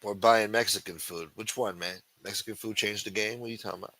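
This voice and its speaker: Fast-talking and steady in tone, this fairly low male voice is captured on a dry recording. The livestream host swears constantly and taunts loudly, then mutters his responses to chat, moving back and forth between shouting and muttering in a profane rant.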